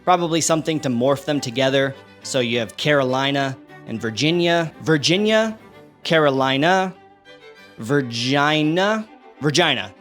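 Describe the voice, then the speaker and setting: A young man giving a sarcastic, animated comedic commentary over a map, with big jumps in pitch for emphasis. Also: moderate pace, faint music behind. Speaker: online creator.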